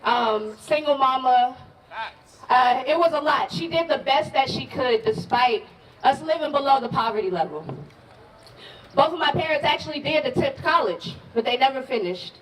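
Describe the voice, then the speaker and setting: A woman from Pensacola, Florida, giving a rousing, folksy rally speech as a regional organizer, her voice hoarse. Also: high voice, animated, moderate pace. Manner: rousing, folksy, calls out to the crowd. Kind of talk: rally speech with call-and-response chants. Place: outdoor protest rally. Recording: distant outdoor crowd recording.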